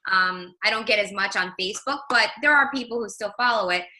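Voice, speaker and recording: A woman's voice: mid-range voice, a little fast, pushed and bright, poor audio. A woman co-hosting a casual team call as a fitness coach, chatty and upbeat with lots of "like". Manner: upbeat, chatty, says "like" a lot.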